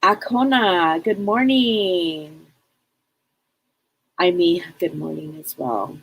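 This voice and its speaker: A woman's voice: fairly low pitch, slow, husky, rough recording. A woman hosting a live psychic stream, chatting casually and rambling, greeting viewers by name.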